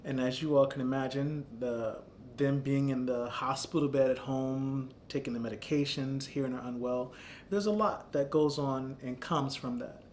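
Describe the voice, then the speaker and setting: A man in his thirties, founder of an arts center, telling a personal story in an earnest, reflective, measured way. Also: mid-range voice, steady tone, darkish tone, slight background noise.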